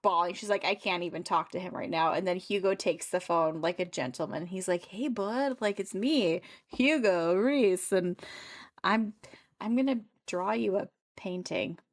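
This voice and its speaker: A woman's voice: lowish voice, normal speed. A woman co-hosting a book club podcast, chatting casually and acting out characters' lines as she retells the plot. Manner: animated, acts out characters' lines while retelling.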